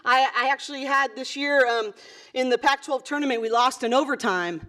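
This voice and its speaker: A woman's voice: high-pitched, moderate pace, fairly bright tone. A middle-aged woman coach giving a motivational conference speech in an earnest, conversational way, with many fillers and asides. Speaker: basketball coach giving a talk. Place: conference hall.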